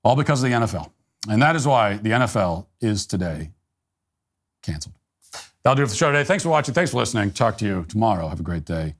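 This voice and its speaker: A middle-aged man hosting a political talk show, delivering a sarcastic monologue in a deadpan, mock-earnest manner. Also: on the low side, rapid-fire.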